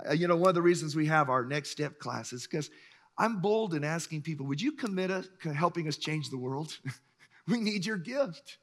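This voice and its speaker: A middle-aged man preaching a sermon, telling stories with lively acted-out voices and frequent chuckles. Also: on the high side, moderate pace. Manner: animated storyteller, acts out voices, chuckles often. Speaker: pastor.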